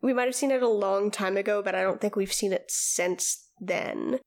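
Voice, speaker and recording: A woman's voice: mid-range voice, moderate pace. A woman co-hosting a casual chat, teasing her co-host and drifting off on tangents. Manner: teasing, chatty, drifts off topic. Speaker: podcast co-host.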